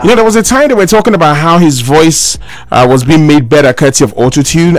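Lively radio host, animated. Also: male voice, a little high, fast, no room sound. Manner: animated, playful, sing-song delivery. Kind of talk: energetic radio chat.

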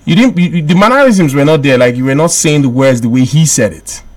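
A man's voice: fairly high pitch, lively intonation, a little fast. A man with a Nigerian accent hosting a live radio call-in game, chatty and teasing with his callers. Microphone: studio microphone.

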